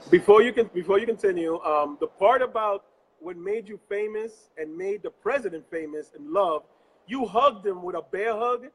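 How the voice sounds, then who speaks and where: Earnest high-voiced host. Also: male voice, normal speed, husky, poor audio. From New York. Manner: earnest, preacher-like. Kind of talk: live show interview. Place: on location, not in his office.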